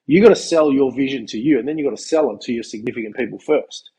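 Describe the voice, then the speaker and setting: Husky-voiced man explaining on a podcast. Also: mid-range voice, fast talker, warm tone, low-quality recording. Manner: explanatory, coaching tone with restarts. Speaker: podcast co-host. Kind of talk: conversational podcast chat.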